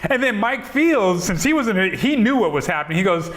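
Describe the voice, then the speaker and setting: A man's voice: high voice, a little fast, few pauses. A middle-aged man telling stories in an oral history interview over a video call, acting out the dialogue and laughing often. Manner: animated storyteller, acts out quoted dialogue, laughs often. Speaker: interviewee, software entrepreneur.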